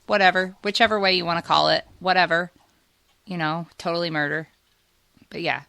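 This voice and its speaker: Bright-voiced woman rambling in casual chat. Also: lowish voice, steady tone, brisk, vocal fry, no room sound. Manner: rambling, explanatory, filler-heavy. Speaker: podcast guest, host's wife.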